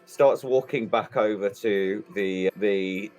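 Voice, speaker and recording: A man playing a tabletop game, describing his character's actions in an animated way. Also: on the low side, slow pace, faint music behind. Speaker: player.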